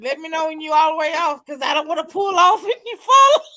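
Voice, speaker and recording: A woman's voice: very high voice, animated, fairly quick, heavy background noise. A woman chatting casually on a livestream, playful, laughing often and acting out what people said. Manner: playful, laughs a lot, acts out quotes.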